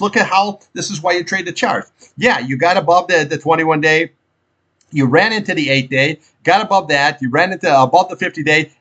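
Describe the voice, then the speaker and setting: A man's voice: on the high side, fairly bright tone. Blunt opinionated man walking through stock charts. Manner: blunt, opinionated, repeats words for emphasis. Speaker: stock market analyst. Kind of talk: casual chart analysis commentary.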